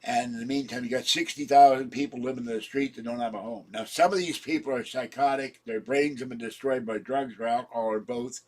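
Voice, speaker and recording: A man's voice: mid-range voice, steady tone, fairly quick, hardly any pauses, darkish tone. A man giving a rambling home vlog monologue, ranting and often laughing. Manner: ranting, frequently breaking into laughter. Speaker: vlogger. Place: at home indoors.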